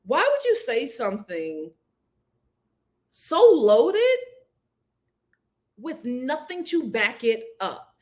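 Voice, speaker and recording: A woman hosts a casual review, speaking straight to her viewers with candid opinions. Her voice sits a bit high and swings widely in pitch, with big jumps when she acts things out. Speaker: host reviewing a reality show. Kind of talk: casual chat.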